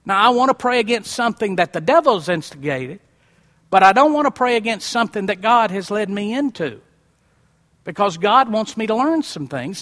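A man's voice: high-pitched, a bit bright. A male pastor preaching a sermon, repeating lines and asking the congregation questions, with a folksy, dramatic emphasis. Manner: preaching with rhetorical questions and repetition.

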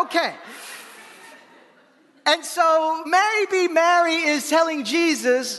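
Man, pastor, lively sermon, very high voice, echoing sanctuary. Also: measured pace. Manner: animated, playful preaching with laughs and voiced asides. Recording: long hall reverb.

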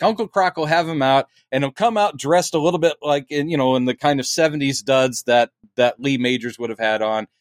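Podcast co-host, man, animated storyteller who acts out lines, dry close mic. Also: on the high side, dry recording. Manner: animated storytelling, acting out quotes. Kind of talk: casual chat.

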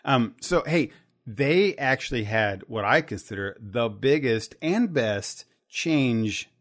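A man co-hosting a casual podcast chat, animated and quick to laugh, with many fillers and restarts. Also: mid-range voice. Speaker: podcast co-host.

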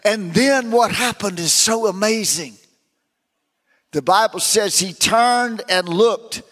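A man preaching with a high voice and a lot of emphasis, rising to shouts as he tells the story. The sound rings out with the long reverb of a large hall. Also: takes it slowly. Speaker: pastor. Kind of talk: sermon.

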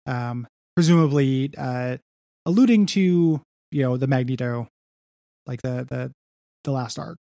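A man's voice: mid-range voice, unhurried, creaky, mellow, dry recording, clean studio sound. A young man co-hosting a podcast, rambling through a comics recap with lots of fillers. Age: young adult. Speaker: podcast co-host. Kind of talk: casual comics discussion.

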